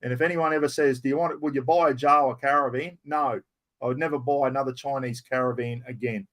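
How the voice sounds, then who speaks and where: A man's voice: mid-range voice, fairly even intonation, fast, fairly bright tone. An older Australian man answering viewers' chat questions on a live stream, blunt and blokey, swearing casually and calling everyone mate.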